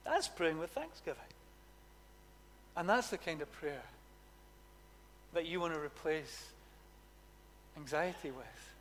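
A man preaching a sermon, animated and emphatic, repeating words for effect. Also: on the high side, slow pace, long pauses, long reverb tail, a little hiss or hum. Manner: animated, emphatic, with dramatic repetition.

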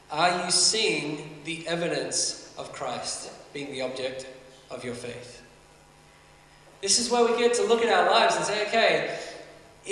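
A man's voice: high-pitched, a bit bright, slight background noise. A man preaching a sermon, earnest and conversational, building emphasis as he goes. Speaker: pastor. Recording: echoey hall, mic at a distance.

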